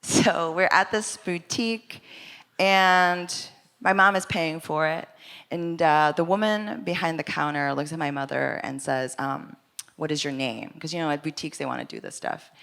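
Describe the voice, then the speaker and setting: A woman's voice: low-pitched, normal speed, creaky, smooth. Chatty young woman telling comic stories. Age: young adult. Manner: animated, chatty, self-deprecating, lots of asides. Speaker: storyteller at a live story slam. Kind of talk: comic stand-up storytelling. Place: stage before a live audience.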